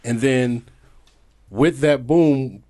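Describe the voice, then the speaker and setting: A man's voice: medium pitch, very slow, dark tone. A man in his forties hosting a casual panel talk, posing questions and murmuring agreement. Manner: questioning, lots of affirming murmurs. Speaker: podcast host.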